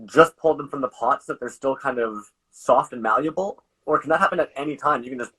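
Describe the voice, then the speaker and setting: A man's voice: medium pitch, a little fast, fairly bright tone, breathy edge, rough recording. A man hosting a casual interview, asking curious, polite questions. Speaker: interviewer host.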